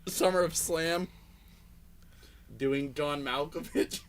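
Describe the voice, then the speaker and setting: A man's voice: fairly high pitch, slow pace. A young man with a Pittsburgh accent, co-hosting a podcast and firing off crude pun titles. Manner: rattles off punning titles, laughs a lot. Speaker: podcast co-host. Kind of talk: crude casual banter. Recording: faint background noise.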